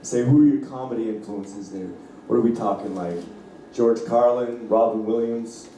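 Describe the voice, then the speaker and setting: A man's voice: mid-range voice, steady tone, normal speed, dark tone, slight background noise. A man from Canada doing a stand-up comedy set. He jokes loosely with the crowd and acts out voices of family members. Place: comedy club. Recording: echoey club heard from a distance.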